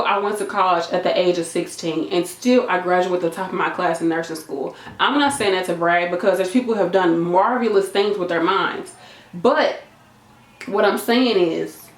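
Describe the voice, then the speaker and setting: A woman nurse giving an animated, emphatic motivational talk to camera, chatty and repeating her points. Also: mid-range voice. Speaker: nurse and video creator. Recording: echoey room.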